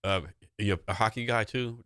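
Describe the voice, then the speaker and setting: A man from Texas hosting a podcast, talking quickly and upbeat with frequent laughs. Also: fairly low pitch, steady tone, fairly bright tone, clean tone, no room sound, clean studio sound. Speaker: podcast host. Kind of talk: casual podcast chat.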